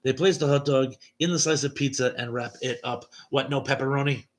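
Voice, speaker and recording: A man's voice: mid-range voice, steady tone, brisk. A man hosting a late-night livestream chat, reading viewer comments aloud and chuckling at them between replies.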